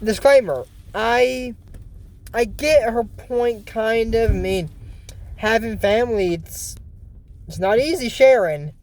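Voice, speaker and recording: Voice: mid-range voice, slow, darkish tone. A cartoon episode reviewer giving casual, rambling reaction commentary, full of fillers and strong opinions.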